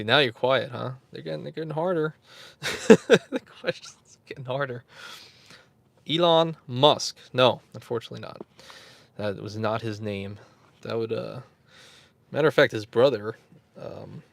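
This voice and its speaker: A man's voice: mid-range voice, normal speed, vocal fry, no room sound. A man hosting a casual livestream, rambling, chuckling and answering viewers in the chat. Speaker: YouTube host.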